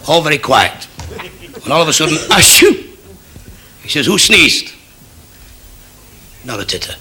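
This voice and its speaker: A male stand-up comedian telling quick jokes in a brisk, matter-of-fact way, chuckling at his own punchlines. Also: fairly high pitch, sing-song, bright, forceful tone.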